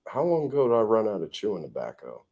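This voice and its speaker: A man from the United States hosting a casual livestream chat from home, blunt and animated, cursing freely as he tells stories. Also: fairly low pitch, quick pace, vocal fry, muffled recording. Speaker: vlog host. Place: home in the tropics.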